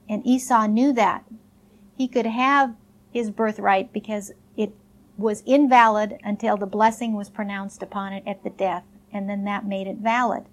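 A woman with a fairly high voice reads a Bible story aloud in an expressive way. She lifts her voice for the characters' lines and breaks off for casual asides to her listeners. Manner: expressive reading, voicing characters' lines with raised pitch. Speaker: Bible teacher. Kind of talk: Bible story reading and teaching.

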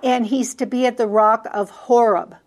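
A woman's voice: on the high side, steady tone, moderate pace. A woman teaching a Bible study lesson, often asking rhetorical questions and then answering them herself.

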